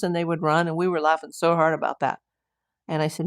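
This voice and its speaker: Older American woman host, low-voiced, rambling, chatty livestream reads, close and dry. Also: steady tone, fast talker, dry recording. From United States. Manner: chatty, rambling with asides and fillers. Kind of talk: casual livestream chat reading viewer comments.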